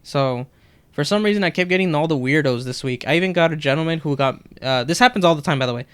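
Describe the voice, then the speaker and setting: With a fairly high, clean voice and a quick pace, a young podcast co-host chats through stories from his job, lively as he acts out the customers' words.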